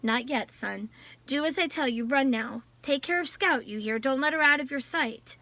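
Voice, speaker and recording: A woman voicing a calm, steady middle-aged father who gives gentle, firm instructions. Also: high voice, normal speed, dry recording.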